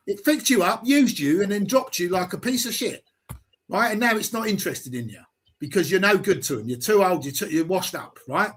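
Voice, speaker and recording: A high-pitched man pushes an argument hard, swearing freely and stacking one rhetorical question on another. He talks like a confrontational live-stream host who never lets up. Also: lively intonation, normal speed, fairly bright tone.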